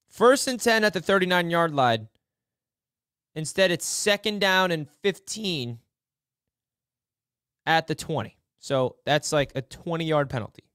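A man hosting a casual football film breakdown, excitable, dropping to low mutters and then shouting in frustration or delight. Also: smooth, no room sound, clean studio sound. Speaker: sports film breakdown host.

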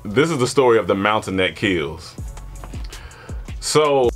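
A man telling a comedic childhood story in casual chat, animated and laughing often, acting out voices. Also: on the low side, unhurried, soft background music. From born in Germany, grew up partly in Panama.

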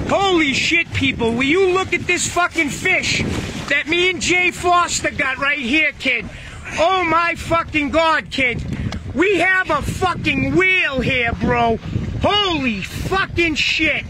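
A man filming from a boat on open water, excitedly swearing and shouting repeated exclamations at a huge catch. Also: extremely high pitch. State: shaky with excitement. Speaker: fisherman filming his catch. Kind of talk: excited vlog commentary. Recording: outdoor boat and water noise.

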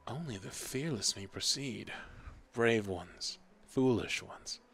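A man voicing a suave male game narrator, hushed and solemn. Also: medium pitch, lively intonation, slow pace, slight background noise.

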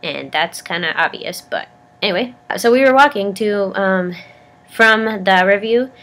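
A young woman vlogs casually in a medium-pitched, unhurried, slightly bright voice that sounds sick and congested. She rambles and stammers while poking fun at herself.

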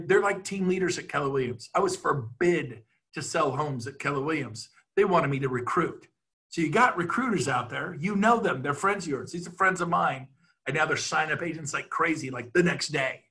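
A middle-aged man giving an excitable, rambling sales pitch over a video call, laughing at himself as he goes. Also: breathy edge. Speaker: real estate team leader.

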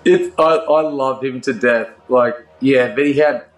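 A man's voice: mid-range voice, measured pace, a little hiss or hum. Man chatting loosely in a roomy space. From Australia. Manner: laughing, swearing, rambling with restarts. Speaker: guest rock singer. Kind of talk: casual interview chat. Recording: roomy echo.

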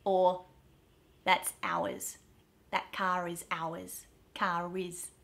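A young woman with an Australian accent leads a pronunciation lesson, speaking slowly and drawing out each sound as she demonstrates it. Her voice is bright and forward, with a patient, measured pace. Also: on the low side, little pitch movement. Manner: slow, drawn-out demonstration of sounds. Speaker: accent coach.

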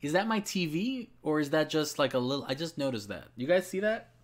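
A man's voice: on the high side, expressive, fairly quick. A man casually commenting while playing a courtroom video game, making rambling jokes and asides over game music. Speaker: let's-play streamer.

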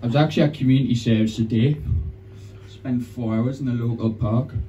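A male stand-up comedian, telling a story on a club stage with a punchy, animated delivery. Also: medium pitch, fairly quick, dull audio, a little hiss or hum. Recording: distant live club sound with audience.

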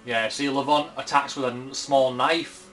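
A man's voice: medium pitch, steady tone, normal speed, fairly bright tone, slight background noise. Blunt young man commenting on gameplay. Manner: chatty and blunt, swears freely, talks to the game. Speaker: gamer. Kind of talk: casual let's-play commentary. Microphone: camera filming the screen.

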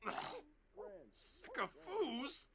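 Grumbling gibberish game characters, high, slow, game music behind. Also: female voice, big pitch swings, a bit bright, slight background noise, exaggerated voice. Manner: grumbling, disgruntled nonsense talk.

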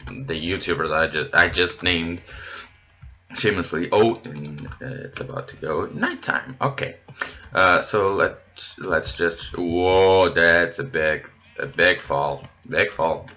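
Low-voiced rambling gamer man. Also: highs cut off. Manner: rambling, easily excited, talks to viewers. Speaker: gaming channel host. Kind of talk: casual gameplay commentary.

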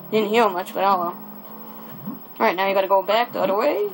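A man's voice: high voice, noisy background. A young man giving casual, rambling commentary as he plays a video game, repeating himself and cursing mildly when things go wrong. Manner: chatty, rambling, restarts often, quick mild cursing. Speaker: let's play gamer. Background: game music.

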